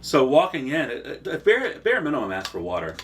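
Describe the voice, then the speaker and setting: A man co-hosting a podcast, talking in a relaxed, conversational way. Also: mid-range voice, brisk. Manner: relaxed, conversational, frequent agreeing. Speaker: podcast co-host. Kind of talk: casual podcast chat.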